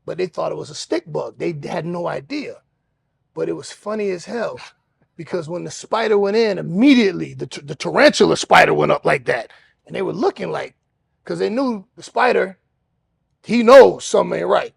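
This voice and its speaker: A man hosting a podcast, telling a story in an animated way and acting out other people's voices. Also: sits high, normal speed, creaky, slightly rough, dry recording. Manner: acts out other voices, shouting and laughing. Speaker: podcast host.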